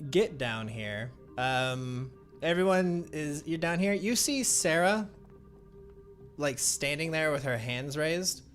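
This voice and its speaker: A man running an online tabletop game as game master, casual and laughing, swearing now and then. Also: a little high.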